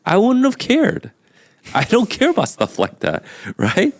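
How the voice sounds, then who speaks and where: A man's voice: sits high, wildly swooping pitch, measured pace, no echo, clean studio sound. An American-born man co-hosting a podcast, talking in an emphatic, conversational way and telling stories to make his point. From United States. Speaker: podcast co-host. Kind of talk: casual opinionated discussion.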